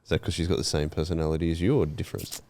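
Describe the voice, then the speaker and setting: A man's voice: very deep voice, fairly even intonation, racing, warm tone. A man hosting a podcast, asking questions in an easygoing, encouraging way. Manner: easygoing, encouraging, laughs along. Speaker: podcast host. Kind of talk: casual interview.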